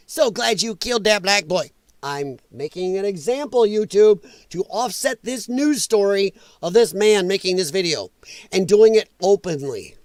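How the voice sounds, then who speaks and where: High-voiced man ranting on commentary. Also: no echo, clean studio sound. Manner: emphatic, repetitive, angry ranting. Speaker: commentary show host. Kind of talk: reaction commentary rant.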